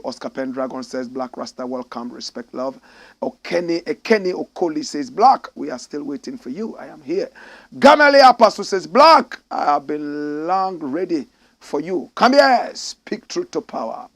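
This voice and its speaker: A Ghanaian man hosting a live-streamed talk show, reading out viewer messages in a slightly croaky voice and breaking into loud exclamations. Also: fairly high pitch, normal speed. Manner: animated, bursts into loud exclamations. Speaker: show host. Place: studio in Accra.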